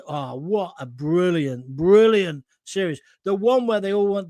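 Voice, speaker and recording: A man's voice: fairly high pitch, no echo, studio quality. Chatty man hosting a live show. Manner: rambling, anecdotal, chatty. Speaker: host. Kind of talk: live talk show, reading viewer comments.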